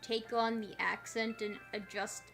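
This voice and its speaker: A woman's voice: mid-range voice, little pitch movement, measured pace, vocal fry, a bit bright, soft background music. A woman streaming a puzzle game, chatting casually with playful, rambling asides. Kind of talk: casual gameplay commentary.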